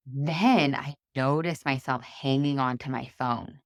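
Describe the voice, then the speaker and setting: A woman in her thirties hosting a solo coaching podcast, chatty and animated, acting out the voices in her stories. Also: very deep voice, a little slow, dry recording, studio quality. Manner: chatty, animated, acts out quoted dialogue. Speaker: podcast host and life coach.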